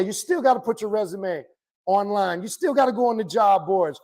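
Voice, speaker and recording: In a high voice at a moderate pace, a man lectures his viewers on the occult. His teaching is blunt, profane, and impassioned, delivered as animated ranting.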